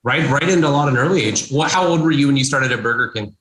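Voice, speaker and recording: A man's voice: mid-range voice, animated, quick pace, a bit bright. Teasing male host in an echoey room. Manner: friendly, teasing follow-up questions. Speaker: podcast host. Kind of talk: casual interview chat. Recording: roomy echo.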